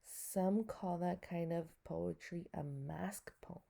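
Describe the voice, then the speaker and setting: A woman's voice: lowish voice, slow pace, vocal fry, mellow. A woman teacher giving a recorded lesson to her students, explaining patiently step by step and asking them questions.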